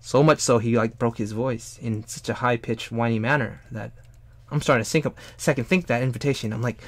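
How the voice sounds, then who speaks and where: A young adult man chatting casually while he draws on a live stream, rambling and animated, sometimes bursting into loud high put-on exclamations. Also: fairly quick, no echo. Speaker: streamer and artist.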